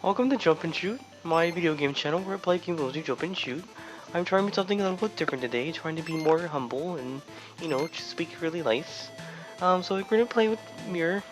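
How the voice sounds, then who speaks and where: A man voicing an overly polite, humble, soft-spoken gamer persona, giving slow, gentle let's-play commentary over game music. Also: on the high side, expressive, pitched above the performer's own voice, close to an everyday voice, poor audio. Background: video game music.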